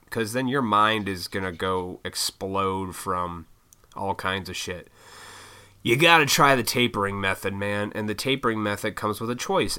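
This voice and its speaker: A man's voice: on the low side, sharp tone, clean tone. A middle-aged man giving a blunt, profane motivational rant in a casual style, often mocking other people in impressions.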